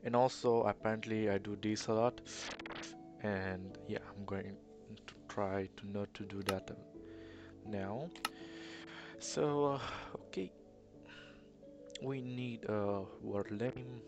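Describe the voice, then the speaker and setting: A man's voice: on the low side, takes it slowly, pauses often, lo-fi sound, music in the background. A young man with an Eastern European accent, rambling through casual gameplay commentary in a hesitant, self-deprecating way. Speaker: let's player.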